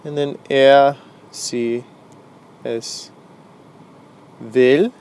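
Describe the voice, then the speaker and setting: Slow-talking man teaching a language. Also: mid-range voice, fairly even intonation, a little mellow. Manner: slow, unhurried explaining with many fillers. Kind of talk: casual video lesson.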